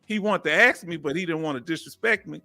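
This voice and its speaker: A man from Houston with a Southern Texas accent, hosting a live stream in a folksy, drawn-out storytelling way. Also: fairly high pitch, gravelly, pushed and bright, faint music behind. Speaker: host.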